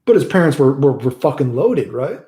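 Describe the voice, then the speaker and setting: A man telling a rambling story on a live stream in a casual, animated way, swearing constantly and saying "dude" a lot. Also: mid-range voice, moderate pace. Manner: loose rambling delivery with restarts and "dude". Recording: roomy echo.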